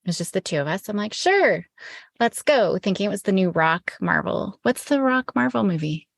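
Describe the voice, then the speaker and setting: Woman, middle-aged, podcast co-host, rambling storyteller, gravelly, dry close sound. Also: medium pitch, animated, quick pace, no echo. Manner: rambling, self-correcting storyteller. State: recovering from illness. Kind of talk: casual chat.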